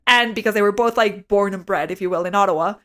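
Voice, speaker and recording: A young adult woman telling a story as a podcast co-host, animated, swearing freely and saying "like" a lot. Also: medium pitch, quick pace. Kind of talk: casual storytelling chat.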